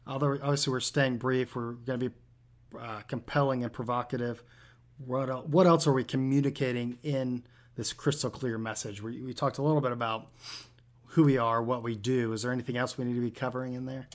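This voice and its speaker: A man's voice: medium pitch, steady tone, brisk. Male host, middle voice, recaps points and asks follow-up questions. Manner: sums up the guest's points before asking the next question. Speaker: interviewer. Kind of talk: conversational business interview.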